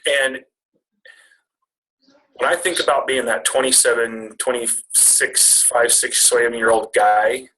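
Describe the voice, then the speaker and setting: A man in his twenties tells a personal story to a retreat audience. His voice is bright and forceful, sitting at an ordinary middle pitch. He rambles, restarts and cracks self-deprecating jokes along the way. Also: steady tone, slow, long pauses, low-quality recording. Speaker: speaker at a retreat.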